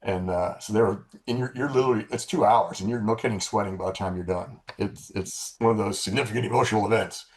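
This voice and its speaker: A man's voice: lowish voice, fast talker, hardly any pauses. A man in his sixties, a former military pilot, telling stories casually in an interview, with many restarts and blunt, profane language. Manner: relaxed anecdotes with frequent restarts and profanity. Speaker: former fighter-bomber pilot, guest.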